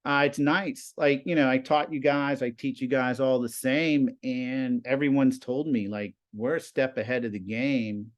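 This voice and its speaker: Lively storytelling man in his fifties. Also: mid-range voice, measured pace, hardly any pauses. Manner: animated, acts out quoted conversations. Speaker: high school TV production teacher, guest. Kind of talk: casual storytelling.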